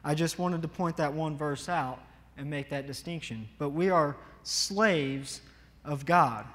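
A man's voice: on the high side, a little slow, fairly bright tone, in a large hall. A man preaching an earnest, emphatic sermon to his congregation. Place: church.

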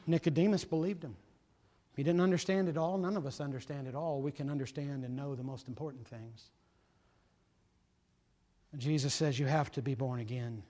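A man preaching a sermon, earnest and urgent, swinging between loud emphasis and hushed, quiet lines. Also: on the high side, in a large hall.

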